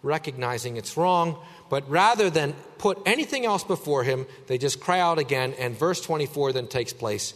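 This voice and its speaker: A man preaching a sermon as pastor, emphatic, swinging between a raised voice and a hushed one. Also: a little high, animated, moderate pace, few pauses, long reverb tail.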